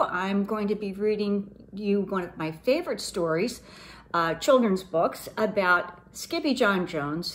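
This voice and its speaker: A middle-aged woman reads a picture book to children, her voice rising and falling freely. She talks in a friendly, expressive way. Her pitch sits in the middle for a woman. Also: unhurried. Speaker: reader for a girls' program.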